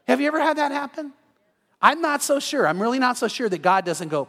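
High-voiced male pastor in a reverberant hall. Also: fast, pushed and bright. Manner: conversational, acts out everyday scenes in quoted voices. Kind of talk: evening sermon. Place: church sanctuary. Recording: long reverb of a large hall.

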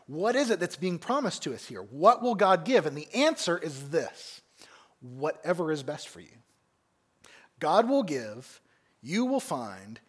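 Male pastor, expository sermon, animated questioning delivery, slightly higher voice. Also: husky. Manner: animated, asks the congregation many questions. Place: church sanctuary.

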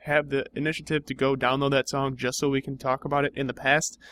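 A man's voice: mid-range voice, little pitch movement, quick pace, fairly bright tone. A young man in improvised comedy banter, dry, skeptical and argumentative.

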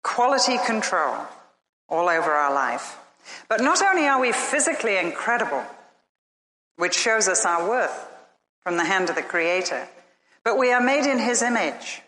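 A woman preacher giving a sermon and telling a story, earnest and emphatic with slow, dramatic pauses. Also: medium pitch, big pitch swings, pushed and bright, a little hiss or hum. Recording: echoey hall.

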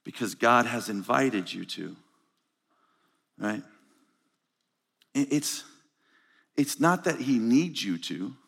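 A pastor gives a conference sermon in a medium-pitched voice with vocal fry, speaking slowly with long pauses. He tells animated stories and acts out the dialogue in them. The live hall adds long reverb.

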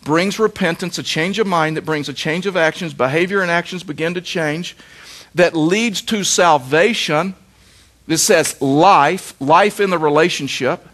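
A man's voice: a little high, measured pace, a bit bright. A middle-aged man pastor preaching a sermon, with emphatic repetition and rhetorical questions.

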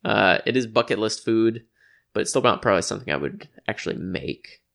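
A man co-hosting a casual chat, laid-back and joking, musing slowly. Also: on the low side, animated, gravelly, a bit bright. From United States. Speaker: podcast co-host.

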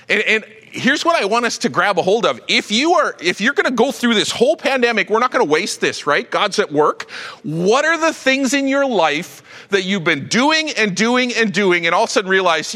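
Male pastor, middle-aged, lively swooping pitch, bright tone, conversational sermon, long hall reverb. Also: moderate pace. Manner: animated, conversational preaching with restarts.

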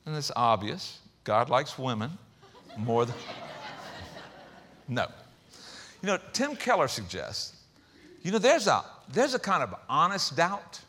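A man preaching a sermon in a conversational, humorous way, with quick asides and repeated words. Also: on the high side, fairly bright tone, big-room sound. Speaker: pastor.

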